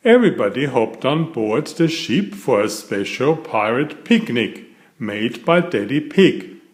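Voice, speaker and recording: A man reading a children's picture book aloud. He takes his time, and his voice rises and falls widely as he tells the story. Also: medium pitch. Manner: slow, expressive read-aloud delivery. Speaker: storybook reader.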